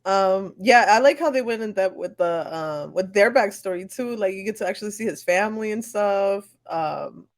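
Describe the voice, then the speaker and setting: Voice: mid-range voice, normal speed, hardly any pauses. Easygoing young co-host, slangy chat. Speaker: podcast co-host. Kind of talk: casual chat.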